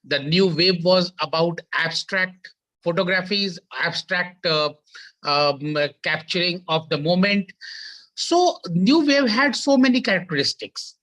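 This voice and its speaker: A man gives an academic talk as a conference panelist over a video call, halting often and repeating words as he restarts his sentences. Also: high-pitched, bright, forceful tone, rough recording. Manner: halting, with frequent repetitions and restarts.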